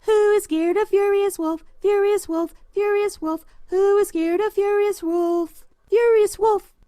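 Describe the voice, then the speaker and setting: A woman voicing three defiant little pigs who chant in a high, sing-song way in a storybook reading. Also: animated, slow pace, darkish tone, dry recording, clean studio sound, full character voice. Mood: taunting song.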